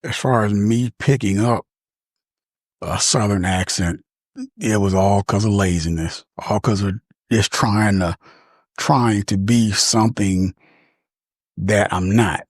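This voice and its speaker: A very low-voiced man from talks through a reflective personal monologue. His husky voice moves at an unhurried pace, and he often pauses to find his words. The sound is close and dry. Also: no room sound. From Michigan, USA. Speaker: podcast speaker.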